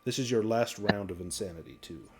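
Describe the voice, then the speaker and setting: A man acting as game master, narrating a tabletop horror game in a measured, descriptive way. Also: lowish voice, animated, creaky, crowd noise.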